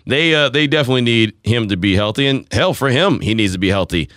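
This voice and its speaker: A man in his forties hosting a sports talk radio show, chatty and animated, often acting out quotes. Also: medium pitch, fast, dry recording, clean studio sound. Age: 40s. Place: radio studio.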